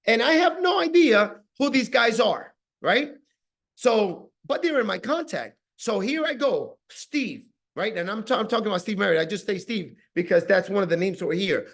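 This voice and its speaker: Energetic man with a high voice, sales coach on a video call, playful and punchy. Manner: animated, acts out phone calls, says "right?" often. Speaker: team leader giving sales training.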